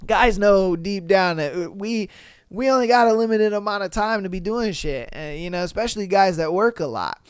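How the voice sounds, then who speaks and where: High, smooth-voiced young man riffing. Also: no echo, clean studio sound. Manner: blunt, profane, joking, fast talker. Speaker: podcast host. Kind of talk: casual chat.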